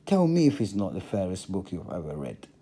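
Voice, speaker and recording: Dark-voiced, emphatic middle-aged man. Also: deep voice, wildly swooping pitch, a little fast, breathy edge. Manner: emphatic, repeats phrases for stress. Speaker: religious vlogger. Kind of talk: passionate monologue to camera.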